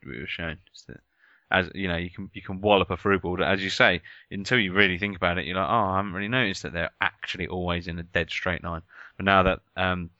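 A man's voice: low voice, pushed and bright, no room sound. A man from Surrey with a southern English accent, co-hosting a casual podcast and explaining in loose sentences full of fillers. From Surrey, England. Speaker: podcast co-host. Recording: slightly muffled dry recording.

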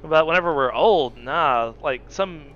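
A man's voice: fairly high pitch, measured pace. A man co-hosting a podcast, talking cynically in casual swearing banter. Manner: animated, cynical, breaks into mock voices. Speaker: podcast co-host. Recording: dull lo-fi audio with faint background noise.

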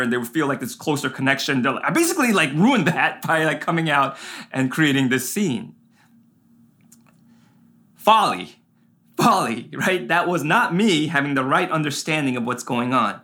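Pastor guy telling a story in his sermon, bright forceful voice, lots of "like" and "um". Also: a little high. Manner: animated storytelling with many fillers.

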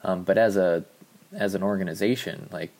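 A man with a deep, gravelly voice hosts a casual sports podcast. He talks in a loose, rambling way, full of ums and quick asides. He sounds a little out of breath. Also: a little mellow. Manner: rambling, offhand, many ums. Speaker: podcast host.

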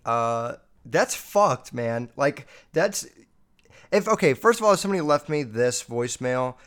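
A man's voice: mid-range voice, unhurried, clean tone. A man hosting a show, reading listener messages and riffing on them with constant swearing. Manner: profane, animated, riffing. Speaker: podcast host.

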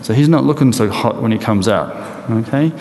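A man preaching a sermon in a lively, animated storytelling way with rhetorical questions, in a large hall or church. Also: mid-range voice, a little fast. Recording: echoey hall with long reverb and faint noise.

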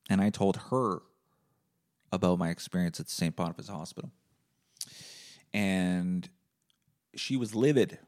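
A male podcast host giving a rambling, profane solo monologue in a deadpan comic way. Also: sits low, a little slow, long pauses.

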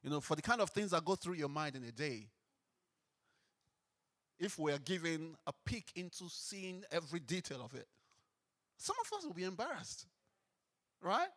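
A man's voice: on the high side, sing-song, normal speed, long pauses, a bit bright. A man preaching a sermon, asking the congregation questions and reading scripture with rising emphasis.

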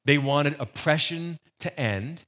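A man's voice: a little high, slow, a bit bright. A man preaching a sermon, conversational with joking asides. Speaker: pastor.

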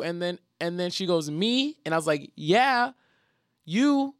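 Animated young man telling a story. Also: high-pitched, normal speed, no echo, studio quality. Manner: animated, profane, acts out quotes. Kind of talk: casual storytelling.

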